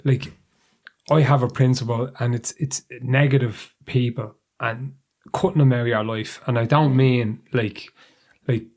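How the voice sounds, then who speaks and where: A man's voice: mid-range voice, steady tone, measured pace, darkish tone. A man hosting a podcast in casual chat, blunt and swearing freely, repeating his points for emphasis. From Ireland. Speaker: podcast host.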